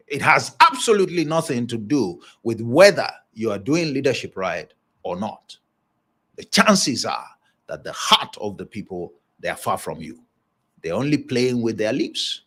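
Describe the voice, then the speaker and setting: Lively, emphatic male leadership speaker. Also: mid-range voice, normal speed, slightly rough. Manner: emphatic preaching delivery with chuckles; repeats phrases for emphasis. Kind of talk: motivational broadcast talk.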